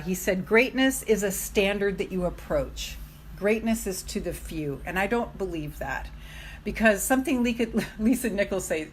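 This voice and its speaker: Bright-voiced emphatic motivational woman. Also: medium pitch, a little hiss or hum. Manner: emphatic, swinging from hushed to loud exclamations; swears freely, laughs between phrases. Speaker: self-love coach. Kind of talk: live-streamed motivational talk.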